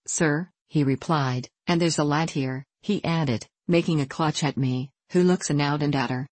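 A woman narrating a classic novel in a measured storytelling reading. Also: sits low, a little mellow, husky, no room sound, poor audio. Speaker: audiobook narrator. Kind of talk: scripted narration.

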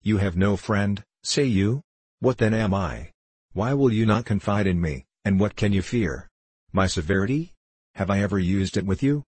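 A man's voice: on the low side, moderate pace, a little mellow, slightly rough, dry recording. A man reading the part of a devout abbot, speaking with earnest, soothing persuasion. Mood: tender. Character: tender, devout older male abbot.

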